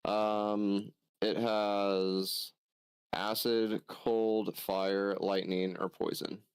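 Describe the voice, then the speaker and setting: Deep-voiced man chatting at a tabletop game. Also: little pitch movement, extremely slow, clean tone, no room sound. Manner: chatty, swears casually, explains rules. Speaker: player. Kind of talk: casual tabletop game chat.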